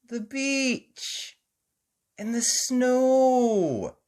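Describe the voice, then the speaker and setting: A woman voicing a kind, gentle mother pig who speaks sweetly and soothingly. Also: fairly high pitch, animated, very slow, pitched above the performer's own voice.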